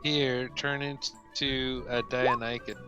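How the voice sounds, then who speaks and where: A man's voice: medium pitch, level tone, slow pace, music in the background. A man playing a tabletop game, stating his character's moves in a matter-of-fact way. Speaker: player. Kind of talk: declaring actions in a tabletop game.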